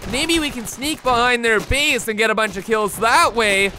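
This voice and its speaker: Excitable high-voiced gaming commentator man. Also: normal speed, a little hiss or hum. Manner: excitable, exclaiming, addresses viewers as guys. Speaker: gameplay commentator. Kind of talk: excited video game commentary. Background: game gunfire and explosions.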